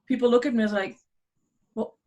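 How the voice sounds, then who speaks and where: A woman guest chats casually. Her voice is on the high side, and her manner is direct and blunt, broken up by frequent laughter. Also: animated, moderate pace, fairly bright tone, muffled recording. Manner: straightforward, blunt, laughs a lot. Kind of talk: casual chat.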